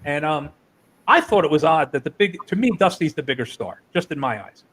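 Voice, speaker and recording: A man who runs wrestling shows, from New Jersey, telling animated, profane stories in a casual interview. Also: a little high, fairly quick, husky, low-quality recording. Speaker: wrestling promoter.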